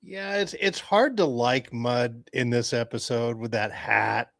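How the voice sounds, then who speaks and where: A man's voice: mid-range voice, gravelly, a bit bright, no echo, clean studio sound. Hesitant man co-hosting a livestream. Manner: hesitant, halting with fillers. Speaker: co-host. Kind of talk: casual livestream chat.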